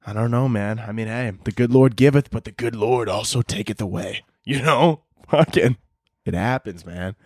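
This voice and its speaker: A man's voice: medium pitch, normal speed, a little mellow, breathy edge, no room sound, studio quality. A young man hosting a podcast, ranting in a crude, rambling comedic monologue and laughing often. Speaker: podcast host.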